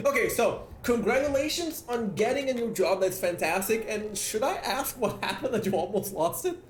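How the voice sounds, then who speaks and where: High-voiced man streaming a game. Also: normal speed, few pauses, slight background noise. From Brazil. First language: Portuguese. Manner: excitable, swears freely, reads chat aloud. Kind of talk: casual live-stream chat while playing. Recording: roomy echo, faint game music.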